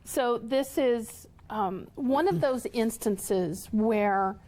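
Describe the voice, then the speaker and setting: A woman guest on a TV talk show, talking thoughtfully about a book and slowing to stress key words. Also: on the high side, darkish tone. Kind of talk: casual chat and book reading. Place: TV studio.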